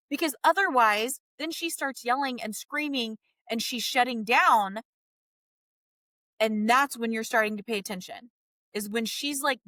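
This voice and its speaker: Woman, thirties, marriage coach, emphatic, direct, slightly high voice. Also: pushed and bright, no room sound. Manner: emphatic, direct, addresses husbands. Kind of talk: podcast advice monologue.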